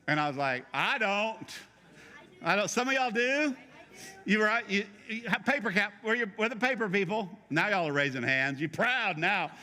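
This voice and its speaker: A man's voice: high voice, sing-song, normal speed, pushed and bright, big-room sound. A middle-aged male pastor preaching a sermon in a conversational, joking way, teasing his congregation.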